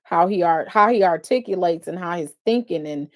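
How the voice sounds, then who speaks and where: A woman's voice: on the low side, normal speed. Emotional woman host with sighs. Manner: emotional, expressive, frequent sighs. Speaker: host and defense attorney. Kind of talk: live-stream commentary.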